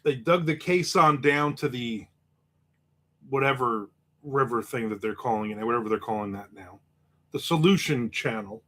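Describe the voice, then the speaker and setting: A man's voice: mid-range voice, a bit bright. Joking male livestream host. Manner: joking, quick asides. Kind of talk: casual livestream chat reading viewer comments.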